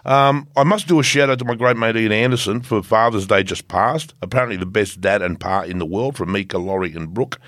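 A man's voice: lowish voice, fairly quick, few pauses, fairly bright tone, no echo, clean studio sound. A man co-hosting a casual, sweary motorbike podcast. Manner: loose, sweary, laughing. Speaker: podcast co-host.

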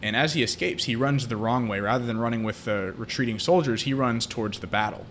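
A man's voice: mid-range voice, a little fast, fairly bright tone, slight background noise. Man retelling a film plot. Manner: retelling a film plot at length, with many fillers. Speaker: podcast co-host. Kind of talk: casual podcast chat.

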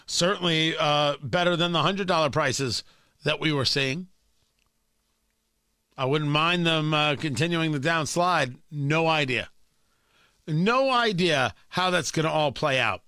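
High, bright-voiced sarcastic male talk host. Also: unhurried, clear, resonant tone, dry recording, studio quality. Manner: sarcastic, emphatic, incredulous. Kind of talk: opinionated political talk commentary.

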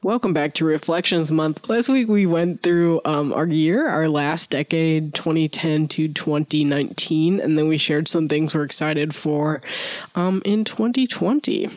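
A man's voice: on the high side, unhurried, dry recording. A young man co-hosting a podcast in casual chat, rambling and laughing often, getting over an illness. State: recovering from illness. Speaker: podcast co-host.

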